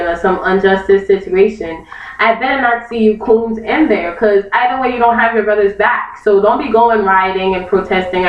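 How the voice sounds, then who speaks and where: A young woman ranting angrily to her camera, repeating her points with emphasis and mocking other people in put-on voices. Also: mid-range voice. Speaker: vlogger. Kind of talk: heated opinion rant. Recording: echoey, distant, dull lo-fi webcam recording.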